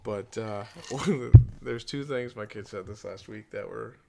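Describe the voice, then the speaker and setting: A man co-hosting a casual podcast, telling animated stories and swearing casually. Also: fairly low pitch, takes it slowly, creaky. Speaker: podcast co-host.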